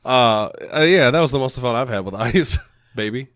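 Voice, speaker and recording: Man, stuffy nose, sick, joking podcast host, middle pitch, dry close sound. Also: expressive, moderate pace, a bit bright, dry recording. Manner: joking, laughs through stories. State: sick and nasal. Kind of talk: casual chat.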